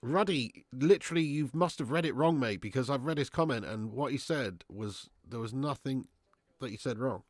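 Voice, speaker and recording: A man hosts a live football watch-along, chatting loosely with his viewers and swearing now and then. His voice sits at an everyday middle pitch. The sound is dry and close to the mic. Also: normal speed, no room sound. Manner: laid-back banter, reads out super chats, swears freely. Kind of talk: casual live-stream chat and commentary.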